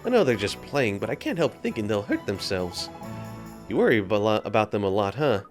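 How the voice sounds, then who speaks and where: A man's voice: fairly low pitch, sing-song, brisk, music in the background. A man voicing a worried village mother in a game. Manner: anxious, fretful.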